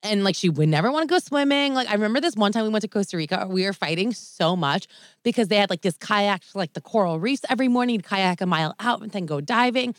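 A woman co-hosting a podcast, telling a story in an animated way with lots of "like" fillers. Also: mid-range voice, quick pace, no room sound, clean studio sound. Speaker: podcast co-host. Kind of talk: casual chat, storytelling.

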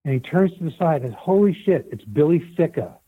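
An older man, a set medic and former film extra, telling rambling, animated stories in a casual interview. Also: fairly high pitch, brisk, breathy edge, dry recording. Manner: rambling animated storyteller with many restarts. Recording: tinny phone-like line.

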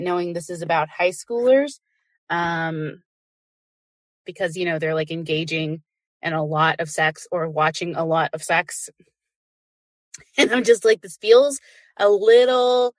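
A woman's voice: mid-range voice, no room sound, studio quality. A woman hosting a live podcast chat with a stuffy, congested voice, chatty and laughing often with lots of fillers. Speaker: podcast host.

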